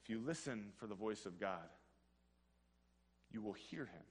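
A man giving an earnest devotional talk, telling a personal story, with delivery that swings between hushed and excited. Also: on the low side, measured pace, husky, long reverb tail. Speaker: speaker at a Christian health ministry.

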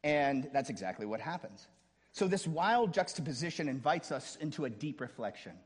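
A man preaching with dramatic swings, hushed one moment and shouting the next, with easy joking asides along the way. His voice sits a bit high. The sound rings with the long reverb of a large hall. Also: animated, normal speed, slightly rough. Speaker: pastor. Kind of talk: sermon.

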